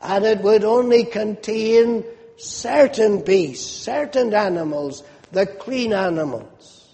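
A man preaching a sermon, slow and emphatic, rising into animated rhetorical questions. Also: sits high, creaky, long reverb tail.

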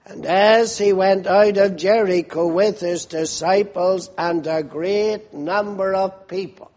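A man's voice: high-pitched, takes it slowly, a little mellow. A male preacher delivering a sermon, retelling a scene vividly and asking listeners to picture it.

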